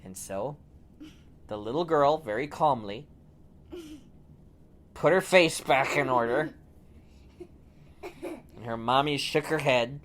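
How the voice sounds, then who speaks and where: A father telling a playful bedtime story to his daughter, laughing often and shouting the robbers' lines. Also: mid-range voice, takes it slowly, long pauses, slight background noise. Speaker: storyteller dad.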